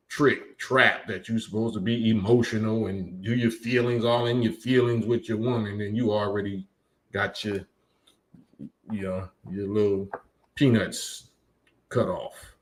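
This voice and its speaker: A man hosting a live stream, reading chat comments and lecturing emphatically, often repeating his points. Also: fairly low pitch. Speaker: livestream host.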